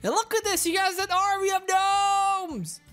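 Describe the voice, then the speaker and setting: A woman hosting a kids' gaming video, narrating the play with excited, coaxing exclamations. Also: very high-pitched, a little slow, soft background music. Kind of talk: excited kids' game commentary.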